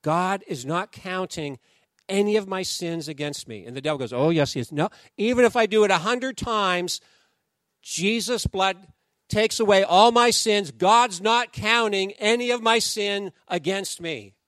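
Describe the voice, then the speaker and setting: A man preaching a sermon to his congregation, animated, acting out the voices of the people he quotes. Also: high-pitched, measured pace, no echo, studio quality. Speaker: pastor.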